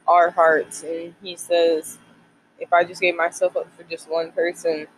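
A young adult in their twenties chats casually in a faith vlog, drifting from thought to thought and filling gaps with "like." The pitch sits in a plain middle range, and there is a faint hiss of noise underneath. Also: flat delivery, a little slow, poor audio. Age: 20s. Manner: rambling, many "like" fillers. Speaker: college student sharing faith devotional.

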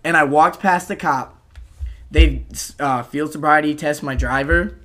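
A young man telling a rowdy story on a casual podcast, animated, swearing and saying "dude" a lot. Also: on the high side, a little slow.

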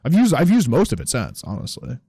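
A man co-hosting a podcast, talking loosely with plenty of fillers and swearing. His pitch moves around a lot, and the recording is dry and close. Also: huge pitch swings, brisk, vocal fry, warm tone, breathy edge, no echo. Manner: loose, profane, filler-heavy. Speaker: podcast co-host. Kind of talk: casual chat.

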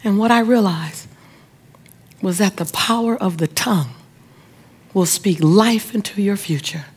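A woman in middle age giving a motivational speech, her storytelling lively and dramatic as she slips into the voices of the people in her story. She presses her listeners with repeated, searching questions, and her pitch sits in a moderate middle range. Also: unhurried, breathy edge. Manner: animated storyteller, acts out quoted voices; audience-directed, repeated rhetorical questions. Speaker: motivational speaker. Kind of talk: inspirational speech.

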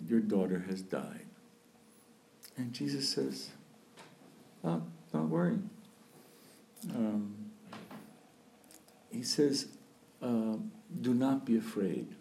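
A man preaching in a slow, unhurried way, his voice low and gravelly. He talks like a priest reflecting aloud before his congregation, often stopping with small fillers as he gathers his thoughts. The tone is dark and mellow. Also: slight background noise. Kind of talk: sermon.

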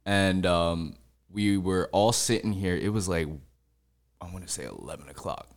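Low voiced podcast guy, chill slangy storytelling, cusses a lot. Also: moderate pace. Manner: laid-back slangy storytelling, swears often. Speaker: podcast co-host. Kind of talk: casual storytelling chat.

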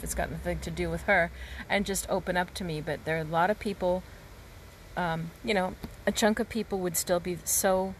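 Candid low-voiced woman podcaster. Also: slight background noise. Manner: candid, conversational, mild swearing. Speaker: podcast host, reader. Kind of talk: reflective monologue.

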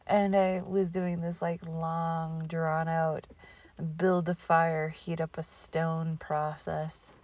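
A woman podcaster telling a rambling casual story, often slipping into breathy near-whispers. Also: low-pitched, level tone, takes it slowly, darkish tone, no room sound.

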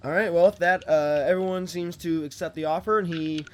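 A man narrating as dungeon master of a tabletop game, halting with many fillers. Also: fairly high pitch, fairly even intonation.

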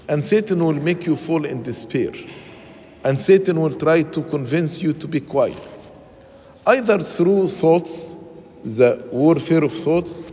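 A man preaching a sermon, deliberate and emphatic, repeating his key phrases. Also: on the high side, darkish tone. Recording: dull lo-fi sound with long church reverb.

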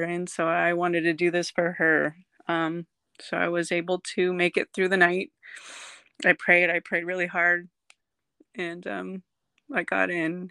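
Gravelly, halting voice telling a personal story. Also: medium pitch, sharp tone, no room sound, clean studio sound. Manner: halting, with frequent ums and restarts; earnest, emotional storytelling. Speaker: guest sharing a recovery story. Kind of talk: personal testimony in an interview.

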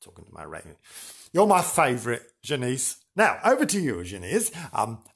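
A man's voice: medium pitch, huge pitch swings, normal speed, gravelly, husky. A man presenting in a theatrical, camp way, telling spooky stories with gasps and playful asides. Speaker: radio-style presenter. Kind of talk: comic spooky storytelling.

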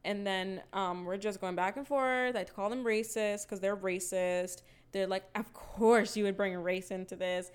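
A woman's voice: mid-range voice, a little slow, hardly any pauses, clean tone. A young woman telling a story in casual chat, swearing freely and acting out the quotes with energy. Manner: animated, profane storytelling with acted-out quotes.

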